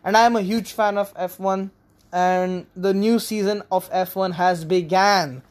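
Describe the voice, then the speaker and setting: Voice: mid-range voice, steady tone, unhurried. A young adult from India, hosting a casual solo podcast in a rambling, frank, sometimes profane manner. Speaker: podcast host.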